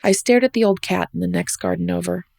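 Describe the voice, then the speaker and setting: Her voice lowish, gravelly, and mellow, a woman from the US moves at a quick pace through her personal travel essay on her podcast. She sounds wry and reflective with an American accent, and there's no room sound.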